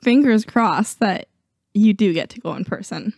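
A young woman co-hosting a casual podcast with her husband, her voice hoarse from a sore throat, laughing often and poking fun at herself. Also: medium pitch, normal speed, darkish tone, dry recording, clean studio sound. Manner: laughs often, self-deprecating. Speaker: podcast co-host. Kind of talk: casual chat. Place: home, on a couch.

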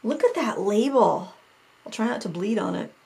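A woman's voice: mid-range voice, expressive, moderate pace, gravelly, a little mellow. A woman craft vlogger from Maine, chatting casually and thinking aloud as she sorts through old things, often joking at her own expense. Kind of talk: casual chat.

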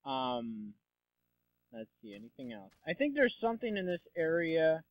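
A man's voice: medium pitch, big pitch swings, a little slow, dry recording. A young man giving casual, rambling gameplay commentary, full of sarcastic asides and swearing. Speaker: let's play commentator. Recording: dull lo-fi dry mic.

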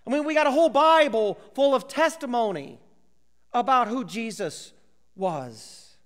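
Animated high-pitched pastor preaching in a hall. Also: male voice, unhurried. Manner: dramatic, acts out voices of biblical characters. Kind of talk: sermon.

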